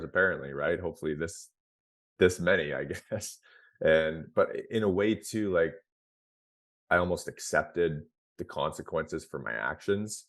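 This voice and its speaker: A man in his thirties, a former pro athlete on a podcast, telling his story frankly and casually, with lots of fillers and restarts. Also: a bass voice. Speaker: podcast guest, former pro hockey player. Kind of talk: candid conversational storytelling.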